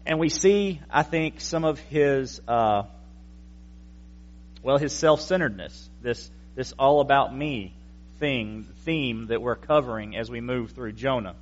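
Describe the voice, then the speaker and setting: A man's voice: mid-range voice, unhurried, muffled recording. A male pastor giving a conversational teaching sermon with wry asides to the congregation. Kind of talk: explanatory evening sermon.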